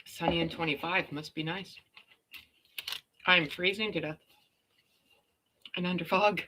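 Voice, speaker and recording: A woman's voice: lowish voice, fairly even intonation, a little slow, bright, forceful tone. A middle-aged Canadian woman hosting a casual livestream, chatty and exclaiming often, greeting viewers by name. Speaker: livestream host.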